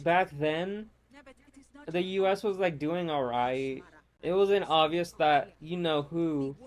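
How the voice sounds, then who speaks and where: Brief: slightly high-voiced American man, casual gameplay chat, profane and ranting. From United States. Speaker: gamer.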